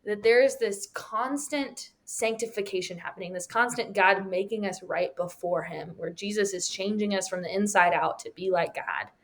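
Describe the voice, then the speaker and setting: A woman's voice: medium pitch, normal speed, hardly any pauses. A woman teaching a Bible study, telling stories and acting out the people she quotes. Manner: animated storyteller, acts out quotes, laughs often. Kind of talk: conversational Bible teaching with storytelling.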